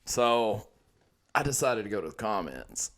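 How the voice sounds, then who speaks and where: A man's voice: fairly low pitch, big pitch swings, a little slow. A man co-hosting a comedy podcast, telling rambling stories and breaking into laughter. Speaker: podcast co-host. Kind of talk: casual comedy podcast chat.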